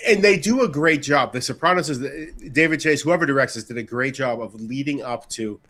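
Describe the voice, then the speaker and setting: A man with a mid-range voice co-hosts a relaxed live show. He talks conversationally and slips in dry, wry jokes. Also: mid-range voice, brisk. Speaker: co-host. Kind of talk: casual live watch-along chat.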